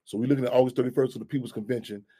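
A man's voice: mid-range voice, fairly even intonation, racing, warm tone, slightly rough. A man hosting a community radio show, talking loosely in profane street slang that repeats itself often. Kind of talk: casual talk radio monologue.

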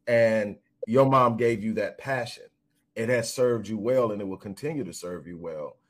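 A man with a fairly low voice speaks earnestly, handing on advice in a sincere, conversational way. He often stumbles over repeated words before finding his sentence. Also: moderate pace. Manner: earnest, advising, repeats words when starting.

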